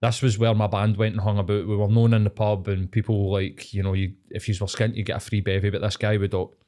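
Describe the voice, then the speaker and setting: A middle-aged Scottish co-host talking casually on a podcast. His voice sits on the low side, and he rambles through his stories in a relaxed way, swearing as he goes. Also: quick pace. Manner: laid-back, sweary, rambling. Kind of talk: casual chat.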